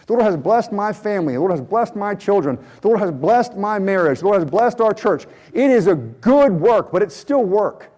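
A man preaching a sermon as a missionary pastor, earnest and repetitive, with prayerful pauses. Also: sits high, very animated, darkish tone. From United States.

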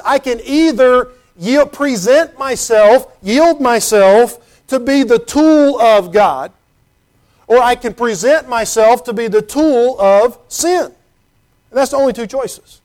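High-voiced man preaching a sermon. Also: a little mellow. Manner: earnest, conversational, with rhetorical questions; reads scripture in King James wording.

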